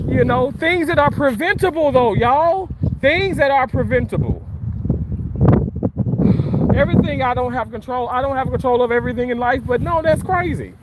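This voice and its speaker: A man's voice: extremely high pitch, normal speed, background noise. A man hosting a livestream and ranting angrily, swearing heavily and repeating himself as he vents. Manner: profane, heated, repetitive. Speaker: livestream host. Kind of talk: angry livestream rant.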